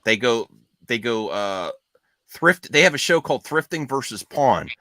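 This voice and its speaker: Bright-voiced male live-stream host. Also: medium pitch, big pitch swings, a little slow, no echo, clean studio sound. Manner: chatty, drinking beer while talking. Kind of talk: casual live-stream chat.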